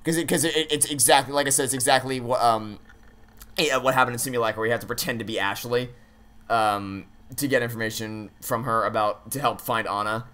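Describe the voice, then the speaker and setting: A man's voice: mid-range voice, fairly quick, fairly bright tone. Stammering man thinking aloud over a game. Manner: casual swearing. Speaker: let's play gamer. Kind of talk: casual game commentary.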